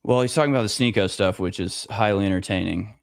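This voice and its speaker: A man's voice: lowish voice, fast talker, creaky, dry recording. A man co-hosting a live podcast in casual chat, tossing in dry, sarcastic quips. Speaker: podcast co-host.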